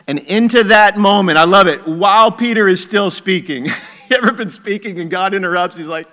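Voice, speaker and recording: Pastor, male, middle-aged; slightly high, bright voice; chatty sermon delivery with emphatic points. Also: normal speed, pauses often. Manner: conversational, chuckling asides, emphatic.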